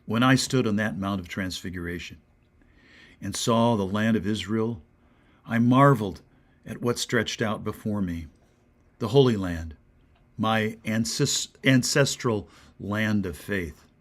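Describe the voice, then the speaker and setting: Speaking at a measured pace with a fairly low pitch, an American man delivers a short devotional message as a pastor. His tone is sincere and inquiring, occasionally sinking to a gentle whisper.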